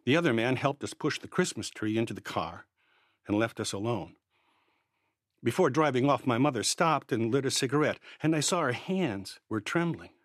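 A man narrating a first-person story in a measured, quietly tense way. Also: mid-range voice, animated, no room sound, studio quality.

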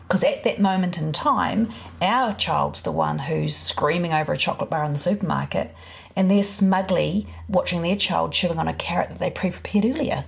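A woman speaking as a parenting expert, explaining in a relaxed, practical, conversational way. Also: on the low side, vocal fry. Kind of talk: explanatory interview talk.

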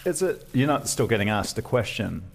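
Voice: mid-range voice, expressive, a little fast, gravelly. An interviewer asking curious questions in casual chat, often stopping and repeating words.

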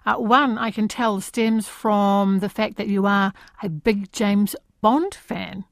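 A woman's voice: mid-range voice, fairly even intonation, slow pace, creaky, no echo, clean studio sound. A woman hosting a radio interview, giving brief, friendly prompts to her guest. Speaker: radio host.

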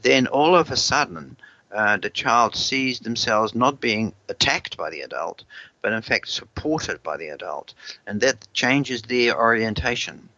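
Bright-voiced man explaining parenting advice. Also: mid-range voice, lively intonation, unhurried, no echo, muffled recording. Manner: repeats words while thinking, acts out what a parent might say. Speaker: parenting expert guest.

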